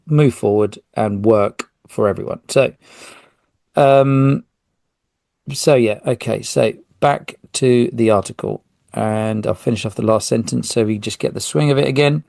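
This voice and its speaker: A man's voice: medium pitch, gravelly, darkish tone, dry recording. A man hosting a solo podcast, talking in a rambling, self-interrupting way with jokey asides. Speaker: podcast host.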